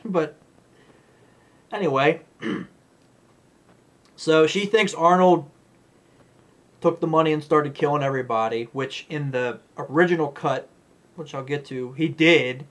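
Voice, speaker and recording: A man's voice: fairly high pitch, unhurried, pauses often. A man giving a rambling, blunt, profane movie review rant.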